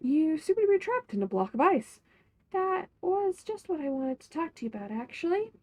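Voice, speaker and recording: A woman's voice: high-pitched, dark tone. A woman voicing a polite, flustered young woman who runs the elevator in a game. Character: young woman elevator operator trapped in ice.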